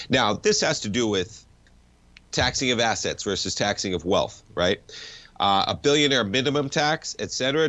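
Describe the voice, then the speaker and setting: A man's voice: medium pitch, fairly bright tone. A man hosting a financial talk show, chatting casually about markets with a stuffed-up nose and wry, rambling asides.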